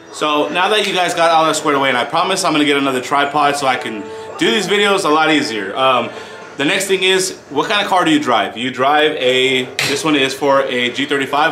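In a car parts store, a male host gives a casual product walkthrough, speaking in a medium-pitched voice that is bright and forceful. He keeps the chat loose and addresses the viewers as "you guys."

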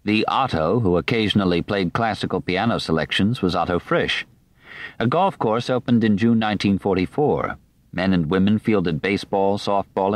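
A man narrates a nonfiction audiobook in a measured, even reading style. His voice sits on the low side. The studio recording is close and dry, with no room sound. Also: no echo.

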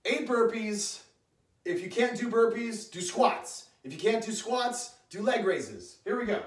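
A man's voice: sits high, animated, a little slow. Chatty man coaching a home workout. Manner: chatty, coaching, counts reps aloud. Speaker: streamer leading a home workout. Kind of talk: live-streamed workout coaching. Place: indoors at home. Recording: echoey room.

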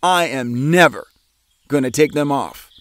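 A man voicing an excited, stubborn little girl in a storybook reading, high and insistent. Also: measured pace, slight background noise, lightly acted. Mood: eager.

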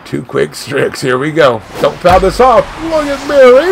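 A man giving live play-by-play of his own video game as a channel host, swinging between shouts and dejected muttering. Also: high-pitched, huge pitch swings, measured pace, vocal fry, few pauses, music in the background. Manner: mild swearing, "freaking" and "dang it" catchphrases.

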